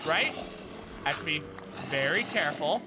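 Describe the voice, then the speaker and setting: A gaming streamer talking casually through his game, excitable, narrating his moves and shouting at the enemies. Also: on the high side, normal speed, noisy background. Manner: excitable, talks to game enemies, frequent exclamations. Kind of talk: casual let's play commentary.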